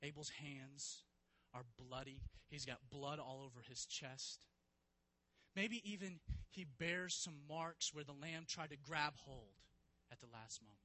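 A man preaching a sermon, retelling a story vividly and swinging from hushed to loud, emphatic passages. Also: fairly high pitch, unhurried, rough recording. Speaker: pastor.

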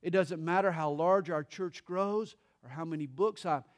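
A middle-aged man, a pastor, preaching a sermon with dramatic pauses and touches of humor. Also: a little high.

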